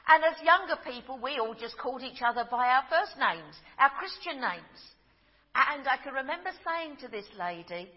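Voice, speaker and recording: A middle-aged woman with a high voice gives a sermon in a gentle storytelling way, sinking to a near-hush when the moment turns tender. Her words ring with a long echo, as if spoken in a church hall, and the recording sounds dull and muffled. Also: animated, moderate pace. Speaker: preacher.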